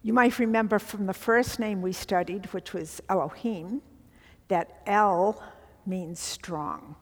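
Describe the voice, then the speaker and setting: A woman's voice: mid-range voice, slow, big-room sound. A middle-aged woman leading a women's Bible study, teaching earnestly with emphatic asides to the group.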